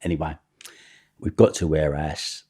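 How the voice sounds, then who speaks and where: A middle-aged man, a podcast guest telling animated stories full of swearing. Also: extremely low pitch, moderate pace, a little hiss or hum. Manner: animated, swearing, acts out other people's voices. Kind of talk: storytelling anecdote.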